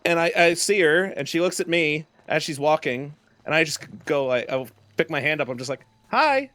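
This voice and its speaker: A young man co-hosting a game stream, chatting casually and telling animated stories with frequent laughter. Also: on the high side, brisk. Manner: animated storyteller, laughs a lot. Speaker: streamer and co-host. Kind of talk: casual chat.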